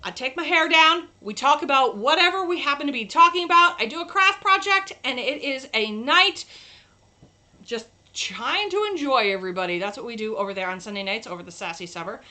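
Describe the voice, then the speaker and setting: A woman from New York State hosts a crafting livestream with a high, bright voice. She talks casually and keeps up a chatty stream of tips as she shows her work to the camera. Her tone is crisp and forward. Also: expressive, fairly quick.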